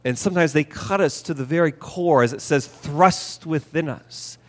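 A man with a slightly higher-than-usual voice preaches a sermon in an earnest, emphatic way, repeating key phrases to drive them home. His voice rings out with the long reverb of a church sanctuary. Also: normal speed. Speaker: pastor. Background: hall reverb.

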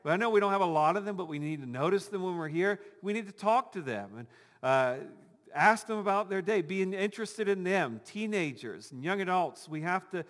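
A man's voice: on the high side, a bit bright, long reverb tail. A male pastor giving a conversational sermon with touches of humor, acting out imagined voices of the congregation.

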